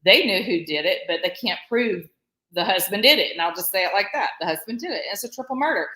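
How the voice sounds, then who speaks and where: A woman's voice: mid-range voice, expressive, fast, bright, forceful tone. A woman in her forties with a Southern US accent, co-hosting a live stream in a rambling, chatty way and laughing often. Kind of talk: casual live-stream chat. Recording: echoey room.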